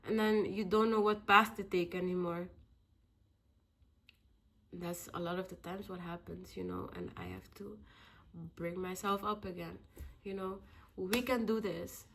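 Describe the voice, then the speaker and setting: A woman's voice: fairly low pitch, animated, unhurried, pauses often, a bit bright. A young woman giving a casual motivational vlog talk, rambling, repeating herself and swearing freely. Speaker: vlogger.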